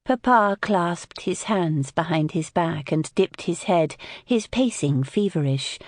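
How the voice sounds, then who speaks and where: Expressive woman audiobook narrator. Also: fairly low pitch, no echo, clean studio sound. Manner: expressive, measured storytelling.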